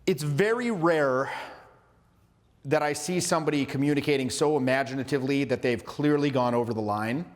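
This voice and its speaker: A man coaching a class in a casual teaching talk, who acts out quotes in silly high voices. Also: fairly even intonation, fast talker, hardly any pauses, in a large hall. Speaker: social skills coach.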